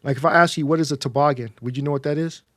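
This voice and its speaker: A man's voice: fairly high pitch, fairly even intonation, rapid-fire, a bit bright, no echo, studio quality. A man from Texas chatting casually on a livestream, rambling with many fillers and repeated words.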